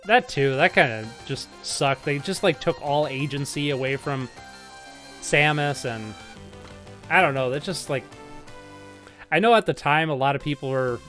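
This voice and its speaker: A young man streaming retro games, chatting in a rambling, animated way with lots of filler words and frequent laughs. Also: fairly high pitch. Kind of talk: casual live-stream chat while playing. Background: faint game music.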